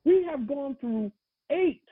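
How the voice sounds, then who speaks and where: A man in a casual podcast movie discussion, talking in an animated way with quick rhetorical questions. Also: very high voice, dry recording. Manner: animated, acts out scenes, rapid rhetorical questions. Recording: tinny phone-like line.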